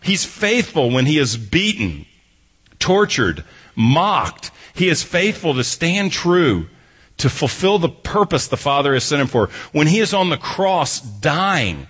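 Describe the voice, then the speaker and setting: A man's voice: fairly high pitch, sing-song, unhurried, a bit bright, husky. A man preaching an expository sermon who reads a scripture passage and then explains it, driving his points home through emphatic repetition. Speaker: pastor.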